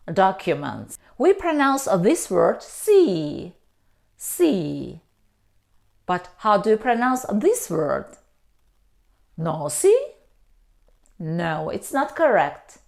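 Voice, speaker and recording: A woman gives a slow, careful pronunciation lesson, saying each word twice and then explaining it. Her pitch rises and falls a great deal, and she keeps an unhurried pace. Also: a little mellow. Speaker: English teacher.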